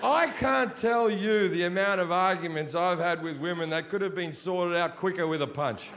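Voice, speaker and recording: Crude stand-up comic, a man with a high-ish voice, taped live in an echoey venue with audience noise. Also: normal speed, fairly bright tone. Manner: brash, crude, mocking punchlines. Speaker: stand-up comedian. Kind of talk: stand-up comedy set. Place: large theater with audience.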